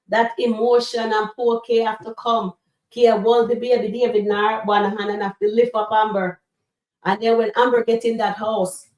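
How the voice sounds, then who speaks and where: This livestream host reviews comedy skits while chatting casually with viewers, often saying "guys" and leaning on fillers. She has a medium-pitched, slightly mellow voice. Picked up by a distant mic, she sounds set back amid roomy echo.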